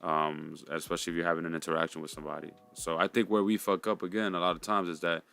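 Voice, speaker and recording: A man co-hosts a reflective conversation, speaking thoughtfully but haltingly, with frequent restarts. His deep voice has a flat delivery, vocal fry, and a slightly bright quality.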